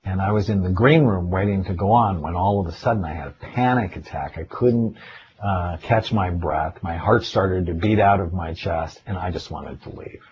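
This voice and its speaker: A man's voice: low-pitched, moderate pace, a little hiss or hum. A middle-aged man, a psychiatrist, giving a casual spoken lecture in a webinar and telling personal stories, acting out his own inner thoughts. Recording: dull lo-fi webinar audio with faint ambience.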